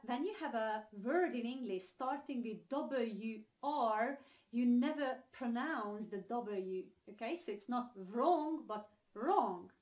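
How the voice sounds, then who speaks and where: A young woman with a Hungarian accent teaches English phrases in an online lesson. Her voice sits fairly high. She talks in a chatty way, walking through everyday examples with plenty of ums and uhs.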